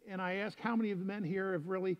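A man's voice: sits high, steady tone, fast, muffled recording. A male pastor preaching a sermon in a conversational, storytelling way.

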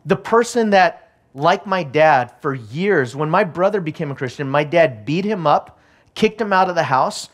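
A middle-aged man preaching a sermon in a somewhat high voice. He tells a personal story, then presses hard with urgent, repeated calls not to give up. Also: expressive, normal speed. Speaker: pastor.

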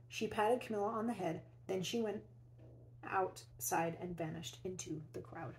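A woman teacher reads a picture book aloud to children, expressive and unhurried. She stops now and then to ask her listeners questions. Her mid-pitched voice carries a light gravelly fry. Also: low-quality recording. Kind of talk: children's read-aloud storytelling.

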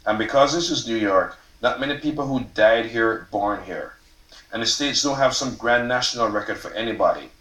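A man, the author, reading aloud from his novel at a live event, expressive and casual, sometimes swearing and laughing at his own lines. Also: medium pitch, normal speed. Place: event stage before an audience. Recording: roomy hall, mic from far off.

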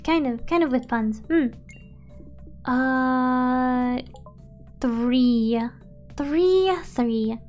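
High-voiced bilingual woman gaming streamer. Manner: chatty, switches between English and Spanish, excitable outbursts. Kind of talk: casual gaming stream chat. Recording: faint background music.

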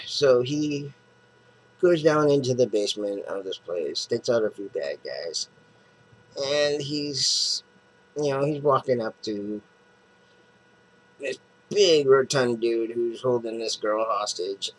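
A man's voice: medium pitch, poor audio. A man casually recapping a comic book plot, rambling with lots of fillers and restarts.

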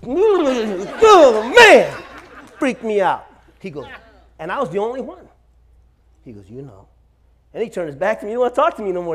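A man in his forties preaching a sermon in a church, telling stories with humor and calling out "Amen?" to his congregation. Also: high-pitched. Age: 40s. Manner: storytelling with humor, calls out "Amen?" to the room. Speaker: pastor. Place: church sanctuary.

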